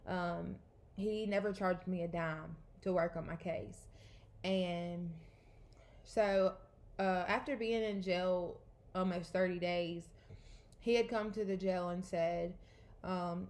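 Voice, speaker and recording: Lowish-voiced woman telling her story. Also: steady tone, slow, a little mellow. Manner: rambling, conversational, with many fillers and restarts. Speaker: storyteller sharing a personal testimony. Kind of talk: casual spoken testimony.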